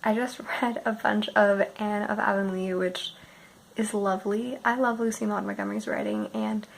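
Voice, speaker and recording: Sleepy, gravelly young woman vlogger. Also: mid-range voice, animated, moderate pace, poor audio. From Canada. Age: early 20s. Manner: soft, drifting, often half-whispered. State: unwell, sleepy. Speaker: book vlogger. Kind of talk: sleepy casual musing.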